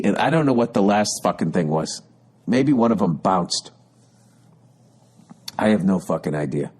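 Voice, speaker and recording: A man's voice: fairly low pitch, a little mellow. A man in his fifties tells a comic story on his podcast. His delivery is an exasperated rant, full of swearing and frustration. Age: 50s. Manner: profane, exasperated, ranting. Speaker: podcast host.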